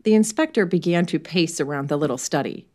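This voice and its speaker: A woman narrating a story aloud in a measured reading voice. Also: deep voice, expressive, darkish tone.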